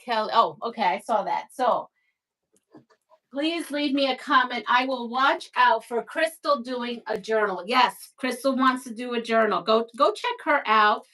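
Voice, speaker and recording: A woman's voice: fairly high pitch, unhurried, bright, forceful tone. A woman from Brooklyn hosting a casual live stream, chatting, reading viewer comments aloud and laughing often. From Brooklyn, New York.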